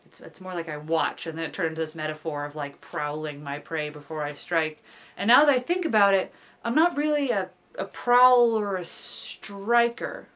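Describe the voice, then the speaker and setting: A woman's voice: fairly low pitch, normal speed, fairly bright tone. A young woman in a casual confessional vlog, rambling and overthinking with lots of fillers like "like". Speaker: vlogger.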